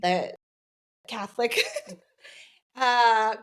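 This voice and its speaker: A middle-aged woman, a podcast guest, telling personal stories in a casual way and acting out quoted dialogue with lively jumps in pitch. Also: very slow. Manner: many fillers like "um" and "like". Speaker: guest, Reiki practitioner. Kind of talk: casual conversational storytelling.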